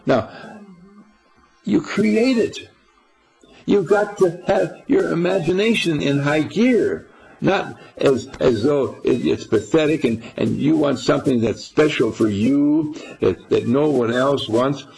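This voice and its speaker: A man's voice: a little high, slow, gravelly, a little mellow, husky, soft background music, low-quality recording. An older man giving an informal spiritual talk to a small group, folksy and rambling, quizzing his listeners as he goes. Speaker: spiritual teacher.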